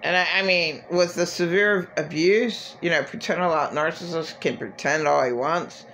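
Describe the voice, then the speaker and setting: A woman's voice: fairly low pitch, moderate pace, fairly bright tone, slight background noise. A woman vlogger venting in a rambling, agitated, profane monologue.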